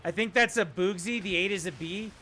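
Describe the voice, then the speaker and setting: A man's voice: sits high, brisk, a little hiss or hum. A middle-aged man chatting casually while streaming a video game with viewers. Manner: chatty, talks to his dog in a soft coaxing voice. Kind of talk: casual live-stream chat.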